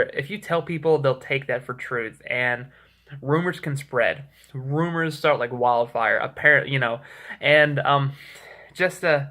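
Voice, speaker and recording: A man's voice: a little high, sharp tone. A young man casually telling a rambling story to his camera, acting out the people he quotes. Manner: rambling, self-correcting, acts out quoted texts. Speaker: vlogger. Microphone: camera mic.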